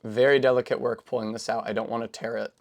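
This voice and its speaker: This New England streamer talks fast in a rumbling low voice with a flat delivery and vocal fry as she builds a Lego set. She drifts through long, loose digressions, piling on fillers and fixing her words mid-sentence.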